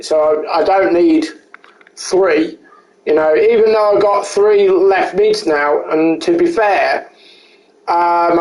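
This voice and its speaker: A man's voice: sits high, a little mellow, echoey room, low-quality recording. A man giving rambling, self-correcting live commentary while he plays a game, chatting with his viewers. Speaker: streamer.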